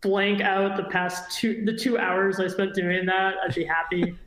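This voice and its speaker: A woman guest chatting casually on a podcast, quick and wry, with plenty of fillers. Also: mid-range voice, level tone, fairly bright tone. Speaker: guest writer. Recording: roomy echo.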